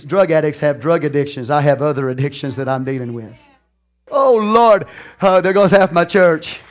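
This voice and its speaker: Male pastor, somewhat high voice, preaching style that swings from hush to shout. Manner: laughs often, talks to the congregation. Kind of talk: sermon. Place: church.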